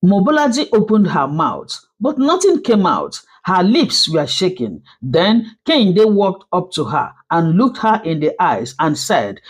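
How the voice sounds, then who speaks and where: Expressive woman telling a story. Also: fairly low pitch, measured pace, hardly any pauses, husky. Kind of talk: story narration.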